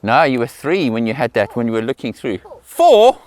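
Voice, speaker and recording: A middle-aged portrait photographer talks quickly in a mid-range voice as he directs a model outdoors in a field. Each pose earns the same encouraging words, said again and again.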